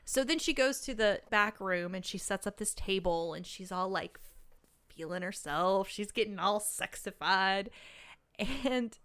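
This podcast co-host has a medium-pitched, clean voice and a measured pace. In a casual chat about a movie, she recaps the plot as an animated storyteller, performing the quoted lines of the characters.

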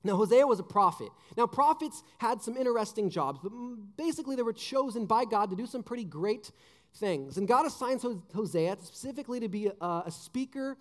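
Young man, youth pastor, high-pitched voice, animated sermon, casual joking delivery, frequent restarts. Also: fairly quick, big-room sound.

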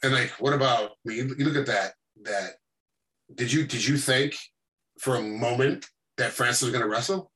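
A man's voice: medium pitch, moderate pace. A man, a guest who referees MMA and once fought, talking in a casual interview and acting out fight scenes as he tells them. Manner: animated storytelling that acts out fight scenes.

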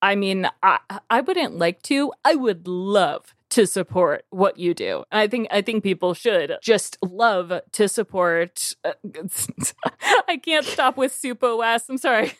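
A woman's voice: mid-range voice, expressive, slow, a bit bright, dry recording, clean studio sound. A woman with a Chicago accent co-hosting a casual podcast, rambling and giggly, full of fillers and restarts. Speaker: podcast co-host.

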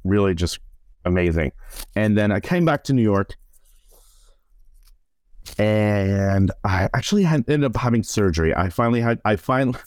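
A man's voice: on the low side, lively intonation, normal speed, long pauses, a little mellow, no echo. A middle-aged man, a stage performer, chatting animatedly in an interview and retelling moments with acted-out quotes and lots of "like". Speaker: guest, stage performer and director. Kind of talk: casual podcast interview storytelling.

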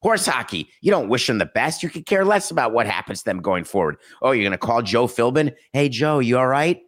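A man's voice: mid-range voice, animated, a little fast, fairly bright tone. A middle-aged man hosting a sports talk show, commenting casually with sarcastic, mocking asides. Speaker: sports talk podcast host.

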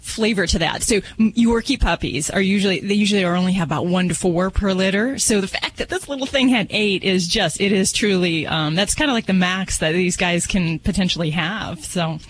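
A woman co-hosting a radio show as a vet, reacting quickly and explaining things to listeners. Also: medium pitch, a little hiss or hum, low-quality recording. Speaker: veterinarian co-host. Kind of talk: radio talk.

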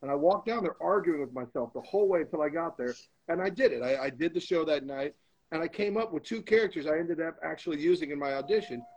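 A man's voice: fairly high pitch, creaky, darkish tone, breathy edge, low-quality recording. A man being interviewed as a guest, telling a candid story with emphatic, motivational repetition. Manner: emphatic, motivational, repeats phrases for stress.

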